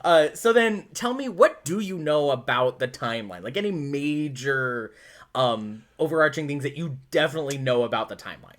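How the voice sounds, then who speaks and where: A man's voice: a little high, animated, normal speed, fairly bright tone. A man co-hosting a casual podcast, explaining lore with frequent laughs and fillers. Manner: giggly, storytelling, lots of fillers.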